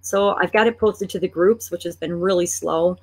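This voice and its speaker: This online business coach speaks in a steady tone at a fairly low pitch. She thinks aloud and chats while clicking through her screen-share tutorial, joking in exasperation about her slow computer.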